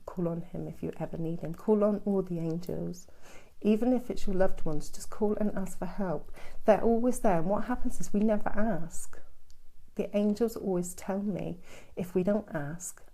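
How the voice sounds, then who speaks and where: A woman's voice: lowish voice, mellow. A woman giving casual live-stream psychic readings, soothing and chatty, calling her listeners sweetheart and darling. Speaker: psychic medium.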